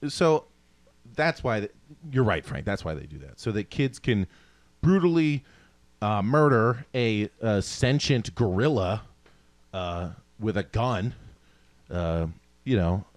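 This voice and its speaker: A man co-hosting a podcast in a fairly low voice that swings widely up and down as he rants. He talks in casual, animated bursts, swearing freely and poking fun at himself. The sound is close and dry, with no room around it. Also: slow, pauses often, dry recording. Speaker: podcast co-host. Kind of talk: casual chat.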